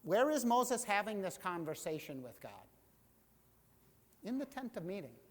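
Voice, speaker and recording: High-voiced pastor preaching in a reverberant hall. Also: male voice, normal speed. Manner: animated, acting out voices in quotes. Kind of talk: sermon. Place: church sanctuary.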